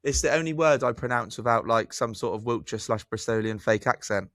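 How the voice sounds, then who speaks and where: Male co-host, sweary, self-mocking, mid-pitched, dry booth sound. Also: brisk, a bit bright, no echo. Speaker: podcast co-host. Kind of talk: casual business podcast chat.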